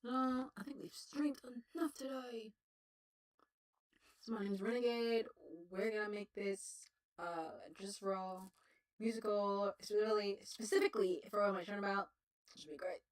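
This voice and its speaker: A woman's voice: mid-range voice, fairly even intonation, moderate pace. Woman streamer, loose profane rambling chat, slightly distant mic. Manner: rambling, profane, laughing often. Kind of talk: casual livestream chat.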